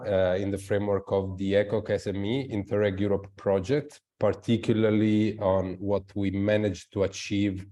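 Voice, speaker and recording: A man's voice: on the low side, warm tone. A man presenting his project in a webinar over a video call, hesitant with many fillers.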